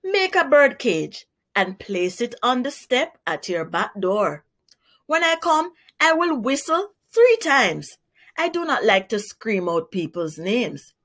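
A woman voicing the sly male spider trickster Anansi in a storybook reading, smooth and persuasive. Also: fairly high pitch, big pitch swings, takes it slowly, a bit bright, exaggerated voice. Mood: scheming.

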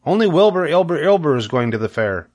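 A man's voice: a little high, very animated, brisk, darkish tone, pitched above the performer's own voice. A man voicing a bossy mother goose in a storybook, snapping and repeating word endings in a raised voice. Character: bossy mother goose who stutters her words.

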